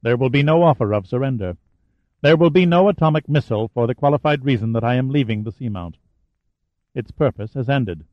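A man voicing a cold, scheming middle-aged villain in an audiobook, with a sneering, smug, measured delivery. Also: mid-range voice, animated, dry recording, muffled recording, lightly acted. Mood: contemptuous. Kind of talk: audiobook character reading.

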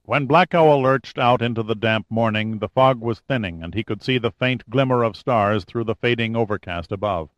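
A man narrating a thriller audiobook in a measured, even manner. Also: medium pitch, dry recording. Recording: dull, dry studio recording.

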